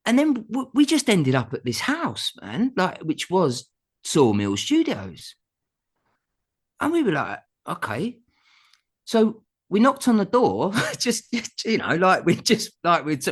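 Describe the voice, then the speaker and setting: A man's voice: fairly high pitch, a bit bright. A middle-aged man, a musician telling a long anecdote as a guest in a casual interview, laughing often as he goes.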